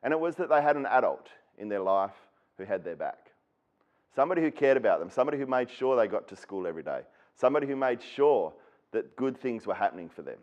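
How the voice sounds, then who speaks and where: An Australian man speaks at an education symposium, telling a personal story in an earnest, straightforward way. His voice sits at an ordinary pitch for a man. The recording sounds somewhat dull and lo-fi. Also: sing-song, quick pace, darkish tone. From Western Australia. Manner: earnest storyteller who acts out quoted people. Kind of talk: personal storytelling keynote talk.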